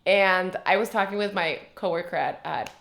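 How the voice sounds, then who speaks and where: A woman's voice: on the low side, normal speed, creaky, fairly bright tone. Chatty young woman host. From northern Mexico, Tijuana. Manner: chatty, laughs often, frequent backchannel hums. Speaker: podcast host. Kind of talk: casual interview conversation.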